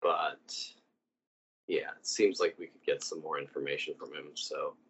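A man playing a character in a tabletop role-playing game, musing in a deliberate way. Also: a bass voice, fairly even intonation, a bit bright, slightly rough, dull audio. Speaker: player. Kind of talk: casual tabletop play.

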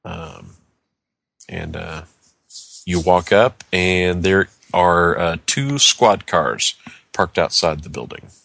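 Low-voiced man running a tabletop game. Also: gravelly, fairly bright tone, no room sound. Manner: halting, descriptive, searches for words. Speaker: game master.

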